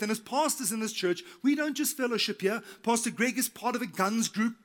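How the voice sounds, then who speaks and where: A middle-aged man preaching a sermon as pastor, telling a story with lively acted-out quotes and repeated key phrases. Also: very high-pitched, brisk, hardly any pauses.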